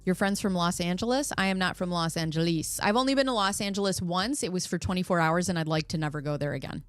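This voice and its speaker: A woman's voice: lowish voice, fast talker, dry recording, faint music behind. A woman hosting a casual livestream from America, chatty and joking as she reads out viewer comments. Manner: chatty, laughs often, jokey. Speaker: livestream host.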